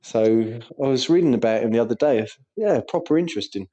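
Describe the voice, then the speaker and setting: A young man co-hosting a football podcast in relaxed chat. He jokes, swears freely and laughs through his own stories. His pitch sits in an average middle range. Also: fairly quick, dull audio. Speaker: podcast co-host. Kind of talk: casual chat.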